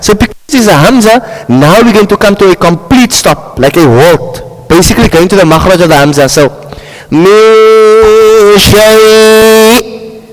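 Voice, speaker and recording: A man with a South African accent teaching a class on Quran recitation rules, checking in with his students constantly and modelling words slowly. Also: sits high, in a large hall, poor audio. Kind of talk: classroom tajweed lesson.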